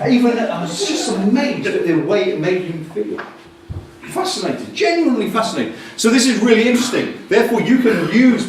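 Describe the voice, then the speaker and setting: A man giving a lively, jokey, blunt conference talk on communication, bursting out loudly now and then. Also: sits high. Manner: animated, jokey and blunt, with sudden loud bursts. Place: large conference hall. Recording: distant echoey hall recording with faint noise.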